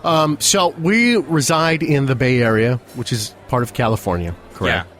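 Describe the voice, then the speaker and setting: A man's voice: mid-range voice, moderate pace, fairly bright tone, slight background noise. A man co-hosting a podcast, chatting casually and joking, with laughs between his remarks. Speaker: podcast co-host. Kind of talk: casual chat.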